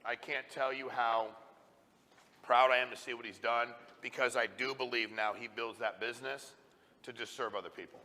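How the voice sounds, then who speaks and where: A middle-aged man, a company president, giving a blunt, forceful motivational talk to a live audience. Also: medium pitch, fairly even intonation, moderate pace. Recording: reverberant hall sound.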